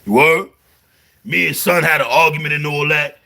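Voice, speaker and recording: Gravelly Brooklyn man telling street stories. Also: on the high side, moderate pace. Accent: New York, Brooklyn. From New York. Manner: animated storytelling, heavy slang, repeats "you heard". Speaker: vlogger. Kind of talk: casual monologue to camera.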